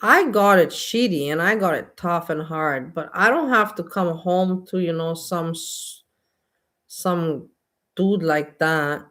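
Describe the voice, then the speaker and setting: A woman's voice: fairly low pitch, slow, fairly bright tone. Blunt ranting woman vlogger. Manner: blunt, exasperated, repetitive. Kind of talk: casual ranting monologue.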